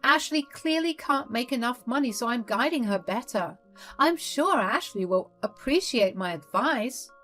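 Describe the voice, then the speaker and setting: A woman's voice: on the high side, animated, a little slow, a bit bright, faint music behind, pitched above the performer's own voice. A woman voicing a scheming, condescending older mother-in-law. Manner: haughty, condescending.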